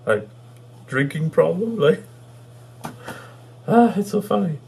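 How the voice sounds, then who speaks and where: A man giving a casual spoken review of a favorite comedy film, halting and full of fillers and restarts, amused and chuckling as he recounts the jokes. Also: high voice, expressive, vocal fry, darkish tone, slight background noise. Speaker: movie reviewer.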